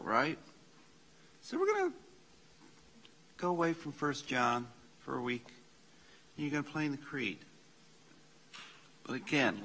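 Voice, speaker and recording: A man leading an informal church class, slowly reading out Greek scripture and explaining the grammar with casual asides. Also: mid-range voice, a bit bright, a little hiss or hum. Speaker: Bible study teacher. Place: church meeting room.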